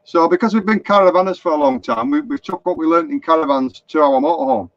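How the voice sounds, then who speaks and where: Middle-aged Lancashire bloke, fairly high voice, yarning to his live-stream viewers, muffled sound. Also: fast, vocal fry, no room sound. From Lancashire, England. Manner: chatty, anecdotal, reads out viewer comments. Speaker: motorhome vlogger. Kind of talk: rambling live-stream chat. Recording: dull lo-fi live stream, dry.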